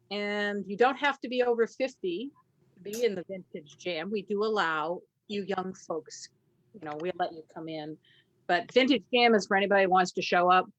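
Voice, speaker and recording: A woman's voice: mid-range voice, fairly bright tone, no echo, muffled recording. Older woman, jam host, dry mic, chatty announcements. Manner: chatty, halting with fillers. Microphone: video call.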